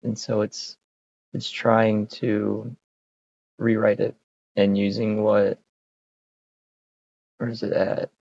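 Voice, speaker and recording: A man thinking aloud in a casual, wry, halting way while he codes, speaking close to a desk mic. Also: fairly low pitch, flat delivery, creaky, darkish tone, husky, no echo, muffled recording. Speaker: streamer coding on screen.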